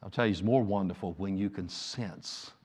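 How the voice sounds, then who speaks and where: A male pastor delivering a Sunday sermon, moving from quiet personal storytelling to loud, emphatic preaching. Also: low-pitched, moderate pace, breathy edge.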